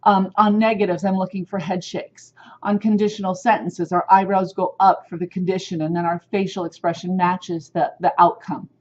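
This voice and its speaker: A woman's voice: fairly low pitch, little pitch movement, normal speed, a little mellow, dull audio. A woman sign language instructor giving a recorded lecture on grading criteria, explaining in a direct, firm teacherly way.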